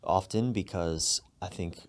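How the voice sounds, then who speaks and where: A man's voice: sits low, a little slow. A middle-aged man, a relationship coach, speaking reflectively as an interview guest over a video call, searching for words. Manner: reflective, searching for words, animated when excited. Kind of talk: candid interview conversation.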